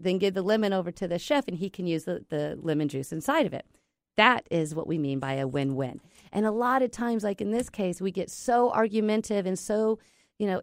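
A woman's voice: lowish voice, darkish tone, no room sound, clean studio sound. A woman giving a chatty, rambling talk on negotiating, with many fillers and restarts. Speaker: negotiation trainer. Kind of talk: casual instructional talk.

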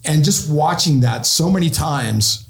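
A man's voice: a little high, unhurried, gravelly, echoey room. A middle-aged man, a retired police officer, telling stories as a podcast guest and acting out the quotes. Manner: animated storyteller acting out quotes. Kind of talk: podcast interview storytelling.

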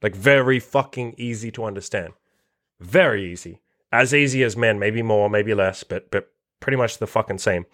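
Speaking at normal speed in a voice on the low side, a podcast host and dating coach goes through a written list. His casual monologue is animated, blunt and full of swearing.

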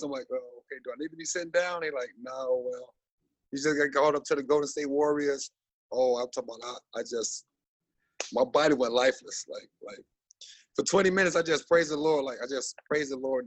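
A man in his thirties, a basketball coach guest on a podcast, talking in an animated, rambling way with many fillers. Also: on the high side, no room sound, low-quality recording. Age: 30s. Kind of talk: casual podcast interview.

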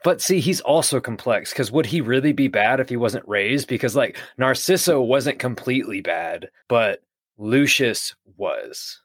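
A man's voice: mid-range voice, lively intonation, unhurried, dry recording, clean studio sound. Rambling, opinionated young man. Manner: opinionated, swears casually, rambling. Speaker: podcast co-host. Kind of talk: casual chat.

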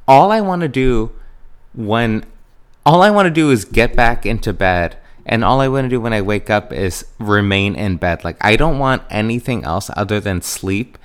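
A young man hosting a podcast in a chatty, rambling way, jumping into high excited tones when he quotes himself. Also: moderate pace, clean tone. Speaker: podcast host. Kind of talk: casual chat.

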